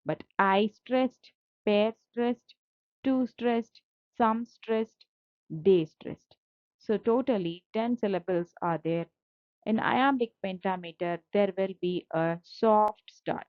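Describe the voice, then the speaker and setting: Slow, patient woman teaching a lesson. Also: medium pitch, no room sound. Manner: slow, patient, repeats key terms. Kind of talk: slide-based literature lecture. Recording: dull lo-fi dry recording.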